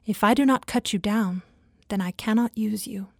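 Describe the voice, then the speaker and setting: A woman voicing a grave, loving male master of a garden, speaking in a solemn, measured way. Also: mid-range voice, creaky, a little mellow, husky, dry recording, studio quality.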